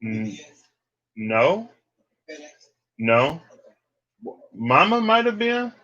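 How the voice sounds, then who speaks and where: A man's voice: fairly high pitch, very animated, extremely slow, pushed and bright, dull audio. A man doing a casual livestreamed tarot card reading, talking in a loose, chatty way with sassy asides.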